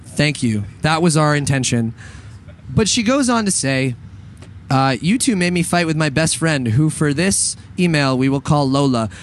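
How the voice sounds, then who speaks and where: A man's voice: fairly high pitch, expressive, moderate pace, a little hiss or hum. A man co-hosting a casual talk show, rambling with lots of fillers and restarts and laughing often. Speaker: podcast co-host. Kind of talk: casual chat with banter.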